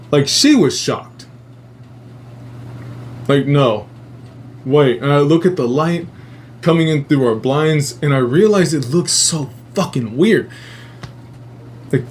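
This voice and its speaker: A male host tells a long story in a casual, rambling way, swearing freely and getting animated. His voice sits slightly high for a man, and a faint noise hums underneath. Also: measured pace, pauses often. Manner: profane, rambling, animated retelling.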